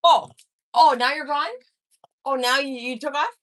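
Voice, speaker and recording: Her voice is high with fairly even intonation at normal speed as she runs a casual home livestream, cursing nonstop, laughing frequently and loudly ribbing her chat. The sound is clean, studio quality and echo-free.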